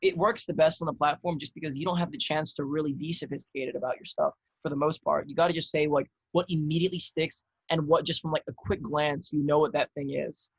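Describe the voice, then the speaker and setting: Male podcast guest, slightly high, husky tone, relaxed and candid, dry studio sound. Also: no echo, poor audio. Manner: relaxed, thoughtful, swears casually. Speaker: podcast guest, actor and content creator. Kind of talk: casual conversation.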